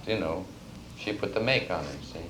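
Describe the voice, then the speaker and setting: A man's voice: low-pitched, normal speed, noisy background. A man telling jokes as a stand-up comedian and host, a breezy storyteller who laughs at his own punchlines.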